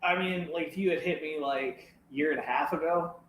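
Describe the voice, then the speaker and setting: A laid-back man co-hosting a podcast, agreeing easily and laughing along. His voice sits slightly high, in a roomy, echoey space with faint background noise. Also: fairly quick, fairly bright tone. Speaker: podcast co-host. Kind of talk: casual chat.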